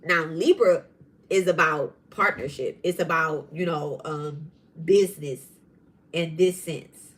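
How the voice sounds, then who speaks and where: A woman hosting a spiritual podcast who tells stories in a casual, animated way, swearing freely. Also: lowish voice. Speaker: podcast host and tarot reader. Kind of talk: casual storytelling monologue.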